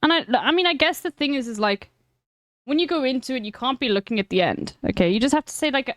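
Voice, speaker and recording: A woman streamer speaks frankly to her viewers, her voice sitting a little high. She swears freely and hands out blunt advice. The sound is dry and close, with no room around it. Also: lively intonation, fast talker, dry recording. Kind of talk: casual chat with viewers.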